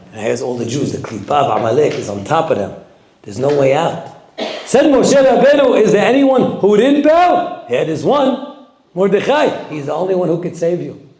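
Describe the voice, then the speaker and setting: Animated rabbi man in an echoey room. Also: fairly high pitch. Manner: animated storytelling, acting out quoted voices; sprinkles Hebrew and Yiddish terms. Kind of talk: sermon.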